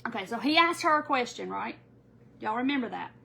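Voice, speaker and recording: A woman's voice: a little high, brisk, creaky, slight background noise. Chatty woman telling a story. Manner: rambling, animated, addresses viewers as y'all. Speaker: craft tutorial host. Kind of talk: chatty storytelling during a live craft tutorial.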